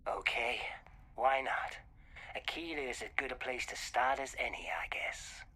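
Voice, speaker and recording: A man playing a brooding spaceship crew member haunted by lost memories, speaking in a hushed, breathy, hesitant way in video game dialogue. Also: medium pitch, expressive, measured pace, whispered, exaggerated voice. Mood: reflective.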